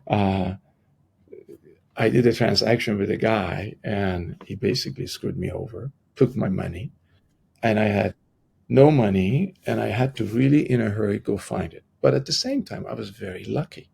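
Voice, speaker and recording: A middle-aged man with a deeply gravelly, husky voice tells a personal story as a podcast guest. He talks haltingly, often restarting his sentences, and slips into the voices of the people he quotes. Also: a little mellow. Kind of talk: conversational storytelling in an interview.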